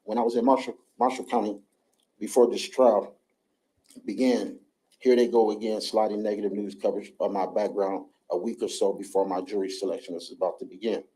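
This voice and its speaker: A man reading his prepared statement in court, halting, with restarts. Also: on the low side, little pitch movement, warm tone, low-quality recording.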